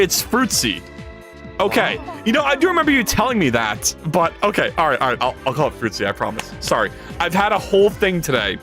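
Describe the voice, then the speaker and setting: Animated, jokey male livestreamer. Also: a little high, fairly quick, faint music behind. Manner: animated, jokey, reads chat aloud and rambles. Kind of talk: casual livestream chat while coding.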